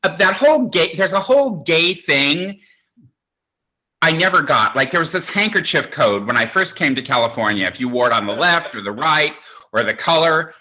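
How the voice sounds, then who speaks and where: A man's voice: fairly high pitch, animated, moderate pace, sharp tone. A man in his sixties doing a stand-up comedy set, with a campy, conversational, self-mocking delivery. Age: 60s. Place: home, virtual show.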